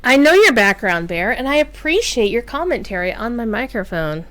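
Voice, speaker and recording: A woman's voice: a little high, very animated, moderate pace, fairly bright tone. A woman streaming a game, chatting casually and rambling through asides with plenty of fillers and offhand swearing. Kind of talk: casual gameplay commentary.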